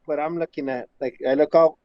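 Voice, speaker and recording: A man's voice: on the high side, fairly even intonation, brisk. A drunk man joking loosely in a casual podcast chat over a video call. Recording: dull lo-fi video call audio.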